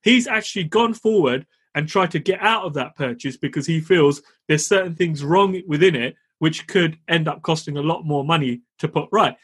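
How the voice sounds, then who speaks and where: A man's voice: on the high side, normal speed, few pauses, fairly bright tone, husky. A man co-hosting a podcast, telling stories in a chatty, laughing way. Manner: chatty, storytelling, laughs while talking. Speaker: podcast co-host. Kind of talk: casual podcast chat.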